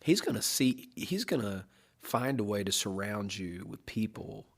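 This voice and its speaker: Low-voiced pastor hosting a podcast. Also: male voice, animated, a little slow. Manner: affirming, interjects with short hums. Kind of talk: casual conversation.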